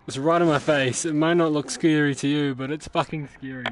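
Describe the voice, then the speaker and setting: A man's voice: fairly high pitch, steady tone, brisk, slight background noise. Young man swearing through a horror game. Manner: swears constantly, screams when startled. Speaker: gamer streamer. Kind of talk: live gameplay commentary.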